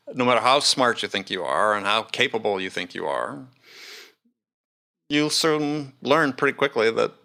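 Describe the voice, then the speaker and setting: A man hosting a podcast who explains his points in a measured way. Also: fairly low pitch, creaky, pushed and bright. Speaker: podcast host. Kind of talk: conversational interview.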